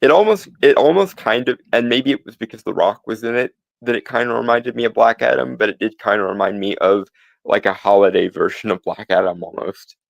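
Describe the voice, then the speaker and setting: A man co-hosting a podcast, musing through his opinions in a halting way with many restarts and fillers. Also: fairly low pitch, creaky, no room sound. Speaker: podcast co-host. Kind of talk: casual opinion chat.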